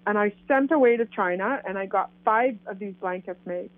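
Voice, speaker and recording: Canadian woman, lively storyteller voicing quoted lines, heard through a thin, phone-like line. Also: medium pitch, normal speed, no echo. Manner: animated, acts out quoted dialogue. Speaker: guest telling her story. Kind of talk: casual storytelling. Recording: tinny phone line, dry.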